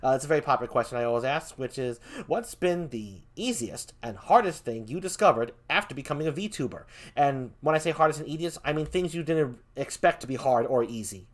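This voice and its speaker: A man's voice: mid-range voice, animated, brisk, hardly any pauses. A man hosting a casual livestream interview, chatty and upbeat, greeting viewers as he goes. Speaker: show host.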